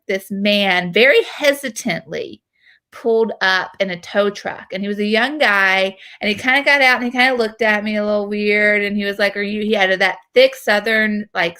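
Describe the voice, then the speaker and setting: A woman in her thirties from North Carolina, hosting and telling a story in casual chat, animated and full of fillers. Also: medium pitch, smooth. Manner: animated, chatty, with frequent fillers. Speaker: host.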